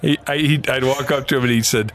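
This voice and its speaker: Middle-aged man in casual conversation, a former newspaper sportswriter spinning long rambling anecdotes. His pitch sits mid-range and he talks in a loose, storytelling way. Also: steady tone, fast talker, fairly bright tone. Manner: rambling anecdotes with laughs and quoted voices.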